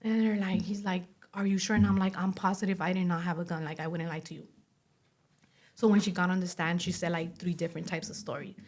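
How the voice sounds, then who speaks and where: A woman's voice: fairly low pitch, little pitch movement, fast talker. Chatty young woman telling her story. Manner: chatty, fills speech with "like", acts out quoted dialogue. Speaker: podcast guest. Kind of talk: casual interview storytelling.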